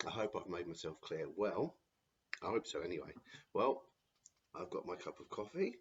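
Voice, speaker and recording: A man hosts a children's story time in a friendly, chatty way. His low, slightly husky voice moves slowly with a lively lilt. The recording sounds a little dull. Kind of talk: reading aloud to children.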